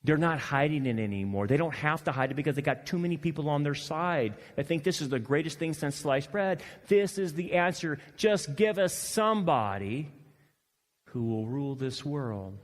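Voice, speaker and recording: A male pastor preaching a sermon, animated and swinging between loud emphasis and quiet asides. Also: on the high side, normal speed, in a large hall. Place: church hall.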